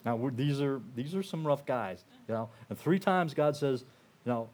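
This older man's testimony before a church audience comes in a medium-pitched, animated voice at normal speed. As the guest speaker, he talks conversationally, restarting often and saying "you know" a lot, then becomes earnest and emotional, softening when the story gets heavy.

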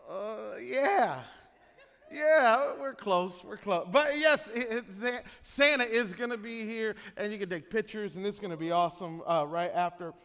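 A man in his thirties leads a church service in a high, bright voice, chatty and teasing with the congregation. His words ring out with the long reverb of a large church hall. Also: moderate pace, hardly any pauses, smooth. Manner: playful, chatty, teasing the crowd. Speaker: pastor. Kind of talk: sermon opening, casual and joking with the congregation.

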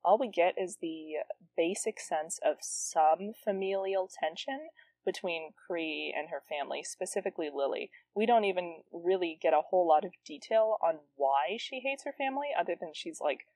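A woman's voice: lowish voice, darkish tone, no echo. A woman hosting a podcast who reads her own teenage novel aloud and comments on it, self-mocking and laughing at it. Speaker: podcast host reading her teen novel. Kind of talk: reading aloud and casual commentary.

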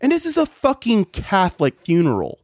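Guy on a podcast, kinda high voice, swears a lot and laughs thru his stories, dry close sound. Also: wildly swooping pitch, a little fast, a little mellow, no echo. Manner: profane, laughing storyteller. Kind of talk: casual chat.

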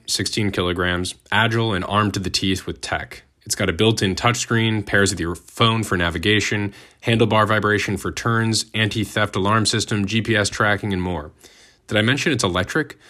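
Deep-voiced wry man narrating. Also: bright, forceful tone. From United States. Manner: wry, sardonic asides. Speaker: host. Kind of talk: scripted narration.

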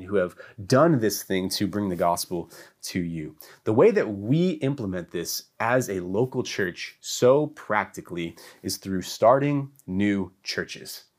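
Lively, emphatic preaching man. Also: unhurried, few pauses. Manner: emphatic, repetitive preaching that swings between loud peaks and hushed lows. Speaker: church teacher. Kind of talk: sermon.

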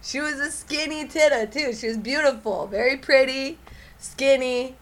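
A woman co-hosting a casual chat, telling stories in an animated way and laughing often. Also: sits high, moderate pace. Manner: animated storyteller, acts out shouted quotes, laughs often. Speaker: podcast co-host.

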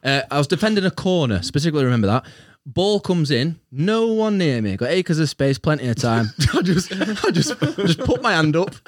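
A man's voice: fairly high pitch, sing-song, normal speed, hardly any pauses, dry recording, studio quality. A young man telling a self-mocking story to friends, laughing often as he talks. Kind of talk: casual storytelling among friends.

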